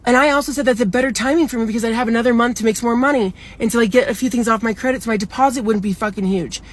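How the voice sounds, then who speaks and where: A young woman with a slightly high voice races through an upset, rambling storytime. She swears a lot and fills her sentences with "like."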